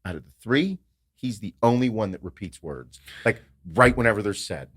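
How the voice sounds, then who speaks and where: A man's voice: lowish voice, normal speed, breathy edge, no room sound, studio quality. A man hosting a podcast, telling family stories in casual chat, swearing often and acting out what others said. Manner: animated storytelling, swears a lot, acts out quotes. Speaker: podcast host.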